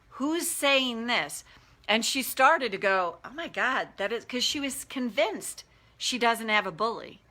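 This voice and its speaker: Middle-aged woman coach chatting live, bright voice, acts out the inner voices. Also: medium pitch. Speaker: life coach. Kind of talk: casual live-stream talk.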